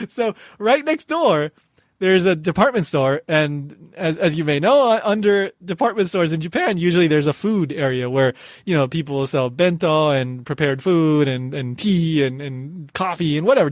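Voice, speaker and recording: A man hosting a podcast, telling a story in a casual and animated way. He laughs often and restarts his phrases a lot. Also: on the high side, moderate pace, dry recording, clean studio sound. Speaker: podcast host.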